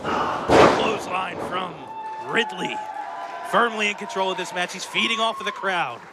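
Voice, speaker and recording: A man calling a live college wrestling show play-by-play on a headset, excitable and joking, correcting himself as he goes. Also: high-pitched, unhurried, over a noisy crowd, heavy background noise. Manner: excitable, jokey, self-correcting. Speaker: play-by-play commentator. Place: college student center wrestling event.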